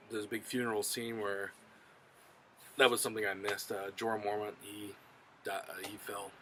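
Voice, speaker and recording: A man's voice: fairly low pitch, fairly bright tone, a little hiss or hum, poor audio. A man recapping a TV episode in a loose, profane, filler-heavy way. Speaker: show reviewer.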